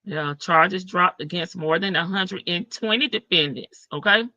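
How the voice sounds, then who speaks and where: Woman live-streamer with a bright, forceful voice, chatty and loose; dry, slightly dull lo-fi audio. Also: on the low side, a little slow, no room sound. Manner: chatty, greets viewers by name, reads articles aloud. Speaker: livestream host. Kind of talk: casual live-stream chat and news reading.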